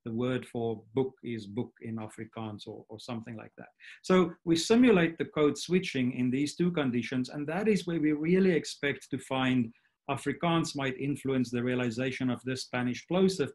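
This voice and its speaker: A man's voice: medium pitch, moderate pace. A man giving an academic lecture as a guest speaker at an online workshop, explaining each step and often checking in with "right?".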